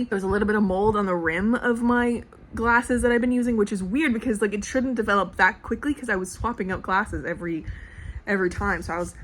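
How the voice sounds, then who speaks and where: A young woman from the Canadian prairies talking in a casual book vlog at home, chatty and excitable with a lot of swearing and "like". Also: medium pitch. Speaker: book vlogger. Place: home at night. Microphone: small clip-on mic.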